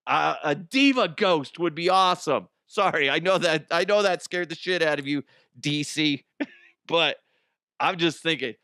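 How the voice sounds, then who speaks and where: A man hosts a comedy podcast, reading listener ghost stories at an unhurried pace. He riffs excitedly between them, laughing often and swearing freely. The sound is dry and close, with no room around it. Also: fairly high pitch, dry recording. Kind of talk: comic commentary on listener stories.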